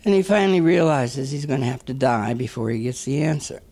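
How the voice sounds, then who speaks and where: A man telling a string of jokes in a casual way, laughing at his own punchlines and clearing his throat between them. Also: medium pitch, brisk, mellow. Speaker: joke teller.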